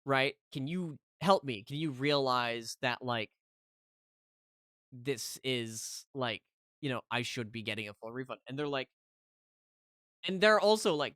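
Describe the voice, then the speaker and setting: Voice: medium pitch, lively intonation, measured pace, pauses often, fairly bright tone, dry recording, clean studio sound. A streamer telling a story to chat in a heated, casual rant, keeping on asking "right?".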